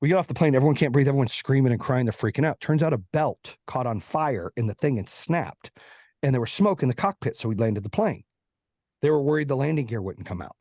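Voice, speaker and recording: On a podcast, a male guest uses an expressive, mid-range and slightly mellow voice to tell a long, fast-paced personal story laced with profanity. He dramatizes the words of the people in it, and the studio-quality recording is dry.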